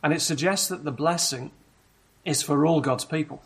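A man preaching a sermon in a measured, explanatory way, often asking rhetorical questions of the congregation. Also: a little high, breathy edge.

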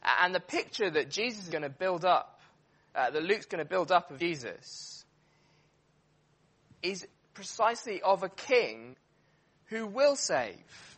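A man preaching a sermon, emphatic and animated, with frequent fillers and restarts. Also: high voice, a little slow, long pauses, husky.

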